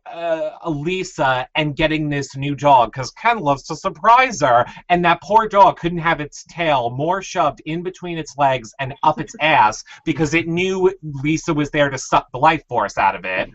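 A man with a fairly high voice rants with animated, profane energy as co-host of a casual recap chat. The recording sounds dull and lo-fi. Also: measured pace, no echo. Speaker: podcast co-host.

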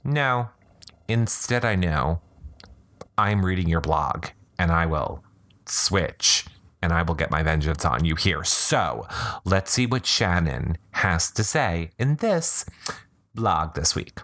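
A man hosting a reality TV recap, reading cast blogs aloud with sarcastic, gossipy, excitable commentary. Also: sits low, slow pace.

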